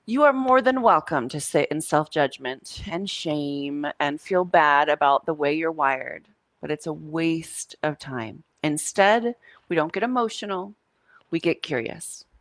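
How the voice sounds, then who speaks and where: A woman's voice: deep voice, lively intonation, measured pace, no room sound, clean studio sound. A woman teaching a coaching class, talking casually and telling stories to her students. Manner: casual, storytelling, says y'all. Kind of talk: live coaching class talk.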